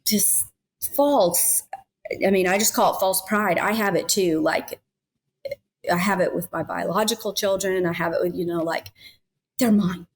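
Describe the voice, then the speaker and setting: A woman's voice: lowish voice, unhurried. A woman in her thirties talking as a foster parent guest in a heartfelt podcast conversation, earnest and emotional, with many fillers.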